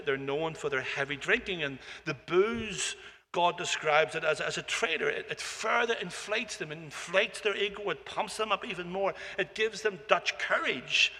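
A man preaching a sermon in a relaxed, conversational way, with frequent "you know"s and repeated phrases. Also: high-pitched. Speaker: pastor. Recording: long hall reverb.

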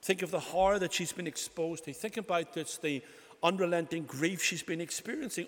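A man's voice: a little high, fairly quick, long reverb tail. A man preaching a sermon, retelling a scripture story earnestly with emphatic repetition.

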